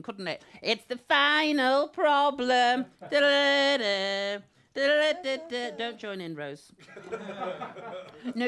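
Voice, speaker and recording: A woman's voice: on the high side, fairly bright tone. A woman hosting a comedy agony-aunt show, arch and theatrical, full of sardonic asides. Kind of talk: camp comic agony-aunt banter.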